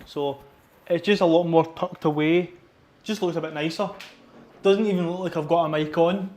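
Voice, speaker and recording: A man's voice: fairly high pitch, steady tone, normal speed, a little mellow. Chatty Scottish man in a gym. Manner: chatty, rambling, self-correcting. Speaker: powerlifting vlogger. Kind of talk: casual gym vlog chat. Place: gym, indoors. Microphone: wireless lapel mic under t-shirt.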